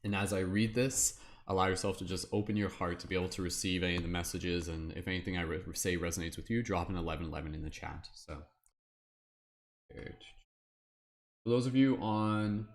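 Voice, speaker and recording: Deep-voiced chatty tarot stream host. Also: male voice, normal speed, slight background noise. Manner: rambling, many "like" fillers, upbeat. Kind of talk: casual live-stream chat.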